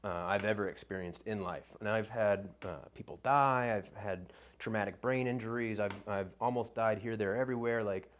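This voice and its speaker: A man on a podcast telling a story in a rambling casual way, getting animated when he quotes himself. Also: fairly low pitch, moderate pace, few pauses.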